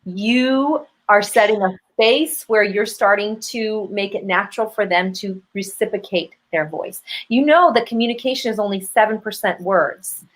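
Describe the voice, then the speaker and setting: A woman's voice: mid-range voice, moderate pace, hardly any pauses, poor audio. A woman coaching on dating as a show guest, talking with energy and often acting out bits of dialogue. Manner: energetic, acts out dialogue in quoted voices. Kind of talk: advice talk on a show.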